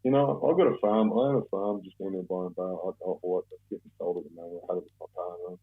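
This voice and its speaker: A man's voice: sits low, fairly even intonation, quick pace, slightly rough. A man in his fifties with an Australian accent, a podcast guest in casual talk, blunt and swearing often, rambling with many restarts. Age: 50s. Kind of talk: casual conversation. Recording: tinny phone-like sound.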